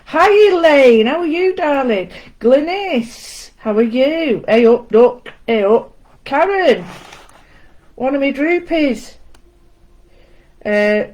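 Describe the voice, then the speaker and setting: A chatty woman runs a casual live-stream art lesson on a home camera setup, welcoming viewers by name and tossing in self-deprecating remarks. Her voice is on the high side with a darkish tone, and the audio is poor.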